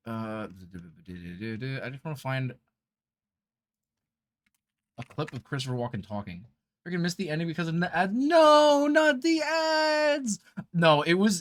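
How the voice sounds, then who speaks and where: A man's voice: mid-range voice, a bit bright, no room sound. A man streaming live, chatting casually and reacting aloud with laughter.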